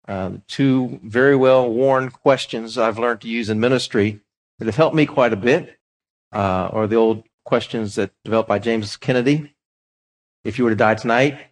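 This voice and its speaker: Middle-aged guy, pastor type, earnest teaching talk, um's and restarts, average pitch. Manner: earnest, conversational, with fillers and restarts.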